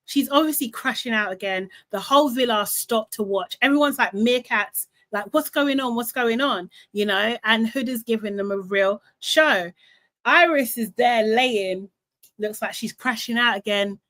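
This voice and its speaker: Woman host, casual live debrief, animated, gossipy retelling, voice sits a little high. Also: normal speed, no room sound. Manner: chatty, animated retelling with swearing. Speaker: reality show recap host.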